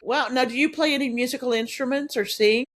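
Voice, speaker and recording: A woman's voice: high-pitched, a little fast, fairly bright tone. A woman hosting an interview, chatty and effusive with praise. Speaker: host, interviewer. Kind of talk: casual interview chat.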